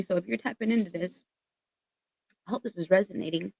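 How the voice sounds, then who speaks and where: A woman's voice: mid-range voice, fairly quick, creaky, dark tone, slightly rough, no echo. A woman giving a casual spiritual tarot reading, earnest and emphatic, swearing freely as she passes on encouraging messages. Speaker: tarot reader.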